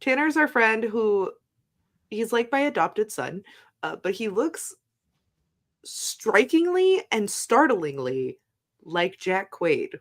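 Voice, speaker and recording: A woman in her thirties co-hosting a casual chat podcast, telling stories with a laughing, animated delivery. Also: slow pace. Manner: animated, laughing storyteller who jumps between high and low pitch. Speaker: podcast co-host.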